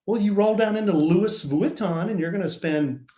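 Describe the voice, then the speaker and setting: A middle-aged man co-hosting a podcast, chatting casually and telling stories in a laid-back, animated way. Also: high-pitched, moderate pace. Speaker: podcast co-host. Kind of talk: casual chat. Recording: roomy echo.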